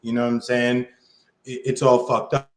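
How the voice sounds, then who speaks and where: A man's voice: mid-range voice, monotone, normal speed. A man co-hosting a podcast in slangy, playful casual chat. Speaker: podcast co-host. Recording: echoey room.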